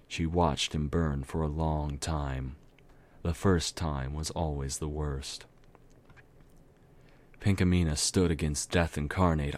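A man narrates a dark fantasy tale, moving along at a steady pace and now and then going back to fix a slip. His voice is extremely deep and rumbling throughout. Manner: steady narration with occasional self-corrections. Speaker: amateur story reader. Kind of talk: dramatic reading of fan fiction.

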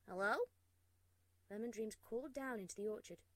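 A woman narrating a storybook aloud, expressive and hushed in tense moments. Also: fairly high pitch, moderate pace, rough recording.

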